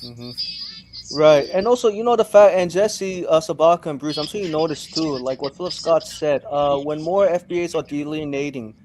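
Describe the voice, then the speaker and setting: A man's voice: fairly high pitch, moderate pace, a little mellow, slight background noise. A man hosting a panel podcast, affirming others, handing the floor to them and sometimes stumbling over words. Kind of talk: casual panel discussion.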